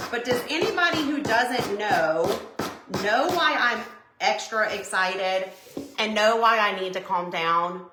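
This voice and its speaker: A middle-aged woman hosting a crafting livestream, chatting excitedly with viewers as she works. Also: medium pitch, takes it slowly, background noise. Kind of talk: casual live chat while crafting. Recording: echoey room.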